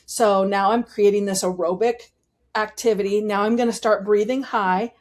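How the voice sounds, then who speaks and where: A woman vocal coach, a guest in an interview, explaining voice technique in an animated way and demonstrating it as she talks. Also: mid-range voice, normal speed.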